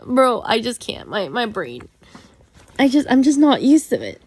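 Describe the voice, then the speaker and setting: A woman's voice: on the high side, very animated, unhurried, husky. A woman hosting a livestream, chatting casually with viewers in a rambling, self-conscious way, with many restarts and filler words. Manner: self-conscious, apologetic aside. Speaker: livestream host. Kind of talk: casual chat with stream viewers.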